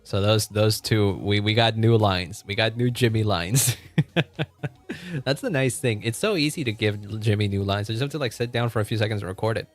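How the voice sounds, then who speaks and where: A man's voice: lowish voice, moderate pace, soft background music. A man streaming and chatting casually, laughing often and restarting his sentences.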